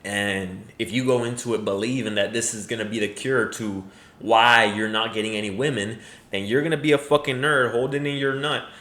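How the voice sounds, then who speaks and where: A man's voice: lowish voice, steady tone, fairly quick, fairly bright tone. A man giving crude, mocking reaction commentary, emphatic and profane. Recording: echoey room.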